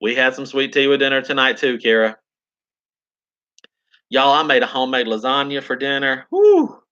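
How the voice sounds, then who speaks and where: A man's voice: medium pitch, level tone, normal speed, pushed and bright, smooth, dull audio. A man with a South Carolina Southern accent, chatting casually with viewers on a live stream and answering their comments in an upbeat, drawling way. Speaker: gardening channel host.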